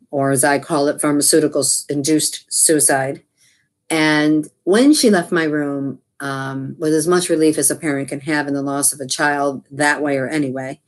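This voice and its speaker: A middle-aged woman working as a medium, telling a personal story in an earnest, halting way with frequent restarts. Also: sits low, darkish tone.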